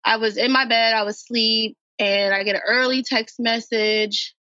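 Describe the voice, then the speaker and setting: A woman from Minnesota speaks earnestly as a podcast guest, leaning on repeated phrases to drive each point home. Her voice sits a little high and is bright and sharp. The recording is dry and somewhat dull. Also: steady tone, normal speed, no echo. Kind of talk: emotional personal account.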